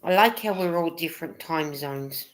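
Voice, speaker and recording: A woman's voice: low-pitched, normal speed. A woman hosting a casual livestream chat, rambling a little and reading viewer comments aloud. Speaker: host of a live chat stream.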